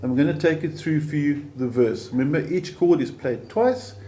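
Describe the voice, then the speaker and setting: A man's voice: fairly high pitch, normal speed, dark tone, slight background noise. A man teaching a beginner guitar lesson step by step, patient and encouraging, counting the beats aloud.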